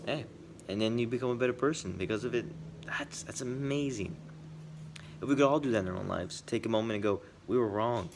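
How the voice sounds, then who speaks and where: A man giving earnest personal commentary, swinging between quick bursts and quiet, reflective asides. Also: mid-range voice, creaky, background noise. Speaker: video essayist.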